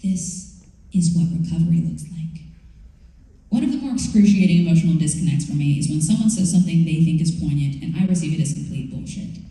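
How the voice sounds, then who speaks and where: A woman author reading from her memoir and then answering audience questions, in a candid, wry and expressive way. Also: low-pitched, fast, hardly any pauses. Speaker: author at a campus book event. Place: large university event hall. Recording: echoey hall, far from the mic.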